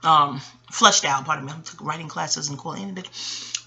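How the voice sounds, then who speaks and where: A woman's voice: sits low, moderate pace, pushed and bright, slightly rough. A woman hosting an audio-only astrology talk, rambling off on tangents, joking and cursing freely. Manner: rambling, digressive, profane and playful. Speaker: astrology video host. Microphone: audio-only home recording.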